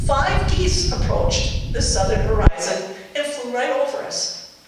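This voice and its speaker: A middle-aged woman from Minnesota telling a personal story to a live audience, measured and reflective, in short paced phrases. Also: fairly high pitch, heavy reverb, distant mic, noisy background.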